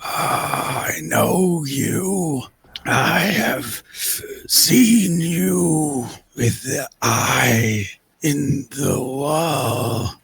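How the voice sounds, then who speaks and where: Man putting on a slow, menacing coffin creature. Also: on the high side, vocal fry, a bit bright, pitched above the performer's own voice, heavily acted. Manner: slow, drawn-out, halting menace. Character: ancient creature sealed in a military coffin, male, menacing.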